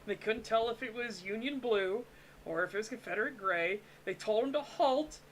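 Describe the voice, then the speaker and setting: Animated, bright-voiced man telling stories. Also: high-pitched, normal speed, slight background noise, low-quality recording. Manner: animated storyteller, swears freely. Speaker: streamer co-host. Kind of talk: casual podcast chat.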